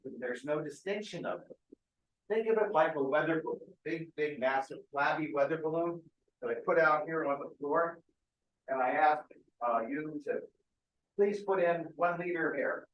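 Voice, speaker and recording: A man giving a keynote medical lecture, explaining step by step and often checking that the audience follows. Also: fairly high pitch. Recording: echoey lecture hall.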